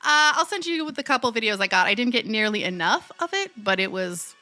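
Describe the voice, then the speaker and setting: A woman co-hosts a movie podcast in casual chat, with a bright, crisp voice. The sound is dry and close, and she keeps up wry, laughing asides. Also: fairly high pitch, very animated, brisk, no echo, faint music behind. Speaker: podcast co-host.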